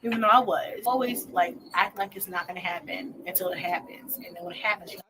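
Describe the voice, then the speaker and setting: A woman's voice: fairly low pitch, quick pace. A woman in her twenties telling her story as a mother, blunt and profane, often dropping to a near-whisper. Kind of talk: candid personal storytelling. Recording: noisy clip played in a reaction video.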